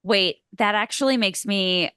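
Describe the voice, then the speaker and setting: A woman's voice: mid-range voice, measured pace, bright, forceful tone, smooth, no room sound, studio quality. A woman co-hosting a casual movie podcast, chatty and rambling, teasing her co-host.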